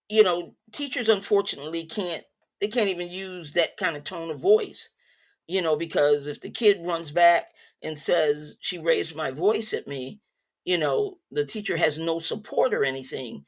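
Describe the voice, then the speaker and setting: A middle-aged woman, a boxing coach, talks with a lowish voice in a casual interview. She tells her stories in a stern, animated way, often restarting her sentences. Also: moderate pace.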